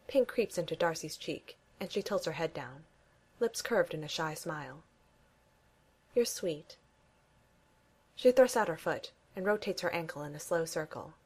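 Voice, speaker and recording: Woman reading fan fiction, slightly low voice. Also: lively intonation, normal speed, darkish tone, slightly rough. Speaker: reader.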